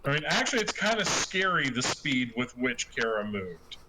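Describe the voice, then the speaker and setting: Lively, chuckling male game master. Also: medium pitch, normal speed, background noise. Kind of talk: running a tabletop game online.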